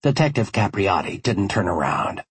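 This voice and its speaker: Husky male audiobook narrator. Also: lowish voice, sing-song, normal speed, no room sound. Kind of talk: first-person audiobook narration.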